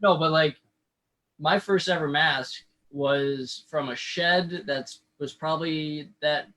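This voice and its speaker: A young man with a slightly raised pitch and a very bright, forceful tone. He speaks frankly and chattily as a newer umpire joining a casual call. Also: takes it slowly.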